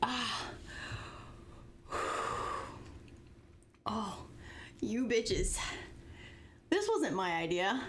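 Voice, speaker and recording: A woman's voice: a little high, big pitch swings, takes it slowly, pauses often, slight background noise. A frightened woman streamer commentating a game live, swearing and laughing nervously as she talks to her chat.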